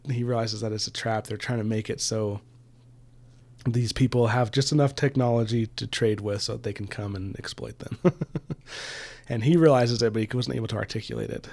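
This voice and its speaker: A man's voice: on the low side, fairly quick, vocal fry. A man co-hosting a casual book discussion podcast, animatedly retelling the plot. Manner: animated retelling, acting out the characters. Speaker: podcast co-host.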